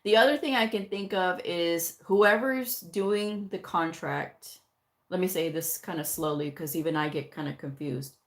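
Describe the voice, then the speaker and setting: Laid-back woman on a livestream, lowish voice, reads viewer comments out and chats. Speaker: livestream host answering viewer questions. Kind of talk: casual live-stream chat.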